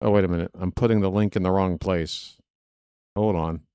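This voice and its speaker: A man's voice: sits low, fairly even intonation, moderate pace, warm tone, clear, resonant tone, no room sound, studio quality. A man hosting a live baseball stream, chatting casually with viewers and joking in asides.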